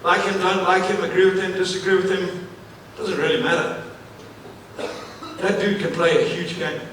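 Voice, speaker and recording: A man from Africa giving an energetic live keynote speech on stage, repeating phrases and putting questions to the audience. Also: sits high, moderate pace, slight background noise. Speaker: motivational speaker. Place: large event venue, on stage. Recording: echoey hall, mic at a distance, faint ambience.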